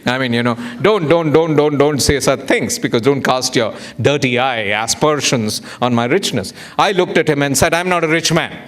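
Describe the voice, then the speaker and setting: A man's voice: mid-range voice, moderate pace, few pauses, fairly bright tone. A man giving a public lecture, rhetorical and playful, often putting questions to the audience. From India. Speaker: guest lecturer.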